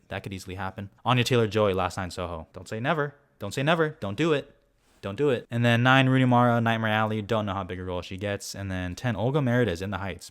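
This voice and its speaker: A young man giving a casual, animated rundown of his film award predictions, swearing now and then and joking at his own expense. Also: lowish voice. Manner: casual, animated, swears, self-mocking asides. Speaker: film vlogger.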